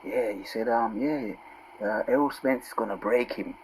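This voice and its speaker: A man teaching from scripture in a casual sermon, reading verses out slowly and with force, then dropping into low asides and asking "yeah?" and "right?". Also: a little mellow, slight background noise, rough recording. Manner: calls out "yeah?" and "right?" to listeners. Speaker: preacher.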